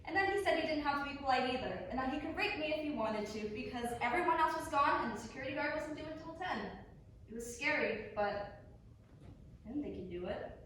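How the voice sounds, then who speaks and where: A woman's voice: high voice, animated, a bit bright, slight background noise. A young woman acting on stage as a blunt, ambitious young legal secretary who swears and laughs easily. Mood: upset, recounting. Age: young adult. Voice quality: brash, swearing, quick to laugh. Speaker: student actor. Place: theater stage. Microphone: far camera. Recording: echoey stage heard from far off.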